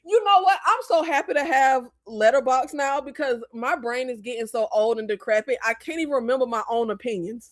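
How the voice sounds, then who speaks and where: A woman raised in the American South hosts a relaxed movie livestream, with a bright, high-set voice. She rambles through her opinions, laughs often, and keeps breaking off to apologize. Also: fairly quick, few pauses. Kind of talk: casual livestream chat.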